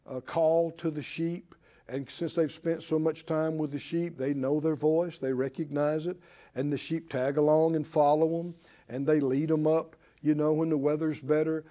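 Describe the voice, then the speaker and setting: A man preaching a sermon in a high-pitched voice. He drives home lines by repeating them emphatically and calls on listeners to respond. At times he eases into a quieter, conversational telling. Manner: emphatic, repeats declarations for the congregation.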